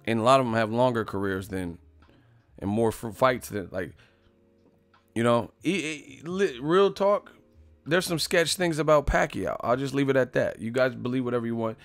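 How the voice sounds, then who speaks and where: A man's voice: medium pitch, expressive, normal speed, no room sound. A man hosting a boxing channel, riffing in a loose, profane comedic rant and laughing often. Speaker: boxing commentator.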